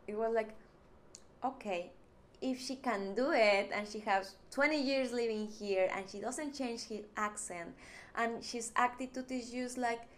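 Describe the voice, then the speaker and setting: A woman's voice: on the high side, fairly bright tone. A woman from Mexico with a Mexican accent, a native Spanish speaker, talking earnestly to camera in a personal vlog and searching for words in English.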